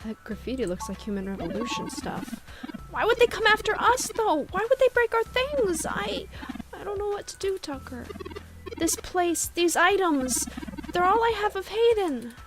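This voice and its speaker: A woman's voice: medium pitch, brisk, few pauses, music in the background, close to an everyday voice. A woman voicing a small robot companion in a game, anxious, formal and apologetic. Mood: distraught.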